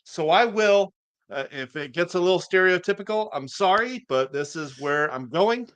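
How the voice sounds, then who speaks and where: A woman co-hosting a casual live show, chatting in a lively, slightly nervous way. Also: on the low side, normal speed. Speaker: co-host.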